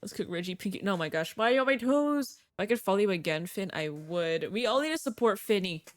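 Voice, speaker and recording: A woman's voice: mid-range voice, lively intonation, fast talker, no room sound. A young woman livestreaming a game, chatting in a bubbly way with viewers and reacting aloud to the play. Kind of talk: casual gaming stream chat.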